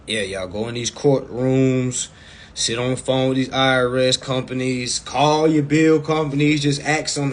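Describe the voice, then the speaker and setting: A man coaching viewers in a casual live stream over a phone mic, blunt and profane, repeating himself and breaking into loud, emphatic bursts. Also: mid-range voice, fairly even intonation, unhurried.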